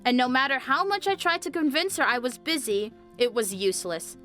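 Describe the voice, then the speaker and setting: A young woman narrating a scripted animated story, chatty and speaking straight to viewers. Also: high-pitched, fairly quick. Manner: chatty, addresses viewers directly. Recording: faint music behind the voice.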